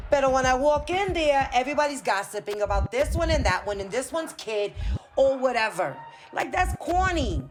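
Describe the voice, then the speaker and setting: A woman in her forties giving a heated, profane opinion rant as a vlogger, dropping in Spanish words. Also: high-pitched. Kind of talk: ranting opinion monologue.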